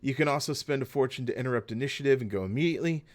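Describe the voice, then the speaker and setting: A man's voice: medium pitch, racing. A man running a tabletop game as game master, recapping the story and explaining the rules in a loose, chatty way with frequent self-corrections.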